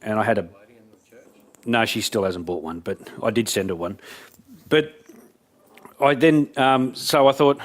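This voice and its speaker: A man's voice: lowish voice, lively intonation, normal speed, long pauses. An Australian man giving a brash, joking motivational business talk to a live audience, acting out conversations as he goes. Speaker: business speaker. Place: event room with audience.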